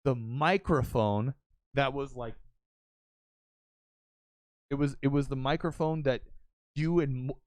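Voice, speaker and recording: A young man hosts a casual podcast, telling a story in an excitable rush full of swearing and false starts. His voice sits at a middling pitch. The recording is dry, with no room echo. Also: slow, pauses often. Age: young adult. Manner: excitable storytelling, swears often, many restarts. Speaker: podcast host and streamer. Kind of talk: casual chat.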